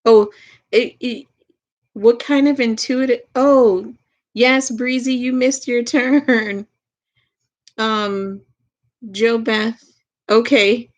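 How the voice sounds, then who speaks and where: With a fairly high, steady voice and the high frequencies cut off, a Southern woman reads tarot live as a medium. She goes gently and without hurry, repeating phrases and laughing quietly at times.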